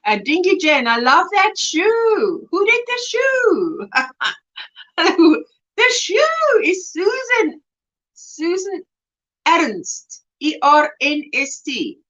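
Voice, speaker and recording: Effusive high-pitched woman. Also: very animated, slow pace, fairly bright tone. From South Africa. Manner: effusive, reads chat aloud with exclamations and laughs. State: recovering from throat swelling. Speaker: livestream host. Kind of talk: casual chat reading viewer comments. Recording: dull lo-fi livestream audio.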